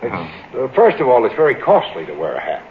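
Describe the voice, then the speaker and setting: A man guesting on a radio show, firing off wisecracks and deadpan punchlines. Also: medium pitch, fast, crowd noise. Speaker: guest comedian. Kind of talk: joking radio banter. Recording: tinny old radio with loud hiss.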